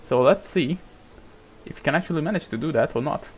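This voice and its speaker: A man's voice: a little high, lively intonation, a little fast, slight background noise. Swearing casual gaming commentator man. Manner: swears a lot, rambling, bursts into shouting at drivers. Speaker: gamer commentating a racing management game. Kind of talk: casual let's-play commentary.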